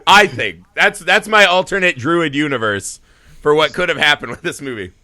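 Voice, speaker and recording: A man co-hosting a film podcast talks casually and with energy, animated and profane, swearing freely and laughing often. His voice is a little high and at normal speed, captured as a dry, studio-quality recording.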